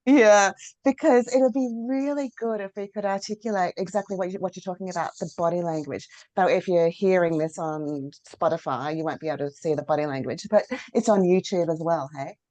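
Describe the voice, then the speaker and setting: A woman's voice: on the low side, fairly quick, darkish tone, dry recording. A woman hosting a podcast, chatting in an upbeat, enthusiastic way. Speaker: podcast host. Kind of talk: casual podcast conversation.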